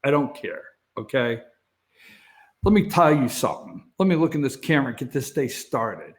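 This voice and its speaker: A man's voice: mid-range voice, lively intonation, normal speed. A man hosting a morning opinion talk show, speaking sarcastically and mocking, often laughing at his own remarks.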